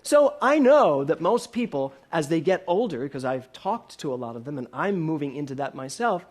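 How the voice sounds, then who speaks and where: A man in his sixties preaches to a congregation in a church hall, his voice sitting a little higher than most men's. He keeps asking the room questions. Now and then he turns playful and jokes with them. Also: big pitch swings, normal speed, a little mellow. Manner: asks the congregation many questions, playful and laughing at times. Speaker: minister. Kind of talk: sermon.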